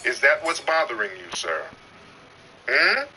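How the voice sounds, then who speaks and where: Male chat host, mock-stern roaster, loud bursts; distant, noisy capture. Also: mid-range voice, sing-song, measured pace. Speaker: host of a live audio chat stream.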